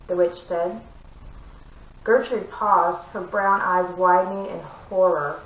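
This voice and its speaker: Woman reading a novel aloud for her channel, expressive, mid-pitched, echoey room, mic set back. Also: slow pace, recorded from a distance. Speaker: book reader.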